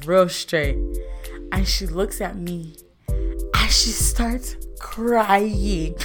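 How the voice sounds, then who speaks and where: A young woman telling a personal story in an animated, sassy way, sometimes breaking into shouts. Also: medium pitch, slow, over music. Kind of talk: storytime vlog.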